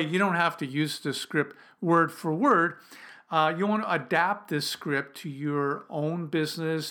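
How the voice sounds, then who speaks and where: A man's voice: fairly high pitch, pushed and bright. A man giving a spoken lesson on cold calling for copywriters, talking in a conversational, emphatic way and often restarting his sentences. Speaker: copywriting instructor. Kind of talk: spoken lesson with role-played calls.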